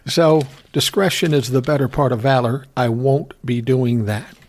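A man's voice: medium pitch, steady tone, normal speed, darkish tone. An older man hosts his own podcast, chatting casually into a studio mic. He rambles through profane, self-amused stories and keeps a loose, unscripted pace. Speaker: podcast host. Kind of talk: casual solo podcast talk.

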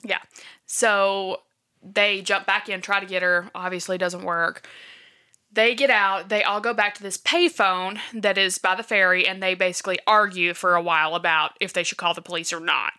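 A woman's voice: medium pitch, fairly even intonation, normal speed, bright, forceful tone. A woman casually retelling a true-crime case from her notes, with many fillers like "um" and "like". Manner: chatty, filler-heavy, checks her notes. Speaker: podcast co-host.

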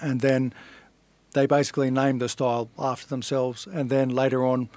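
A man's voice: medium pitch, flat delivery, moderate pace, a little mellow, dry recording. A man in his forties, a fighter being interviewed, telling his life story in a blunt, earnest way and swearing casually. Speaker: guest, fighter.

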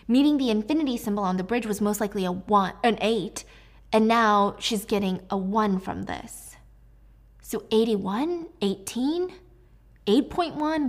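A young woman recaps a book's plot to her viewers in a loose, conversational way. She sprinkles in fillers and slangy asides, and her voice sits at an ordinary middle pitch. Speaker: book recap creator. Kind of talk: casual storytelling recap.

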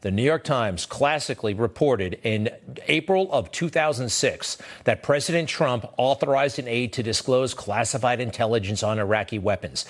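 The man hosting this TV news program offers animated, sarcastic commentary, punctuated by sudden upward jumps in pitch for emphasis.

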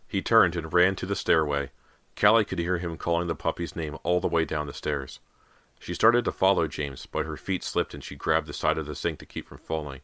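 A man with a very deep, forceful voice reads a horror story in a measured, suspenseful way. The sound is bright and dry, close to the mic with no room echo. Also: fairly even intonation. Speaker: audiobook narrator. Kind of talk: scripted horror narration.

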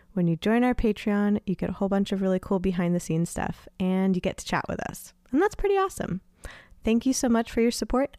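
A woman host reads a scripted podcast intro in an upbeat, friendly way. Her voice has a mellow, warm tone. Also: mid-range voice, dry recording, clean studio sound.

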